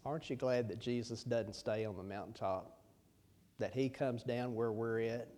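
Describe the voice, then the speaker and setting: A man's voice: mid-range voice, moderate pace, dark tone. A man preaching a sermon in a folksy manner, asking the listeners rhetorical questions and repeating key lines. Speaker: pastor.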